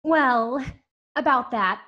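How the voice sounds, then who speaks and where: An actress playing a flustered young stewardess with chirpy, dismissive customer-service patter in a comedic audio drama. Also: female voice, sits high, slow, lo-fi sound. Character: flustered young female stewardess, breezy and rude.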